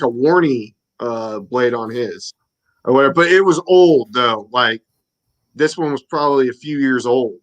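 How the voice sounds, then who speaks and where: A man's voice: mid-range voice, a bit bright. A man in his thirties co-hosting a casual chat, joking, swearing and laughing often. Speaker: co-host.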